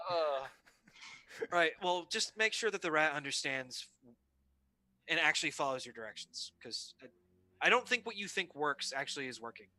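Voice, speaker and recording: A man playing a tabletop game, animated and laughing as he describes his character's reactions. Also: on the high side, normal speed, pauses often, no echo. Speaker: player. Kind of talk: casual tabletop game play.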